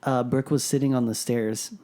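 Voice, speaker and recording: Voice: medium pitch, fairly even intonation, normal speed, dark tone. A podcast co-host animatedly telling personal spooky anecdotes in casual chat, often laughing as the story goes.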